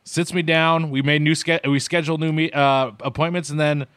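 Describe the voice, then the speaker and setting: A man's voice: on the high side, flat delivery, normal speed, a bit bright, clean tone, no room sound, clean studio sound. A man co-hosting a podcast in casual chat, ranting and swearing in an exasperated way. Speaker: podcast co-host.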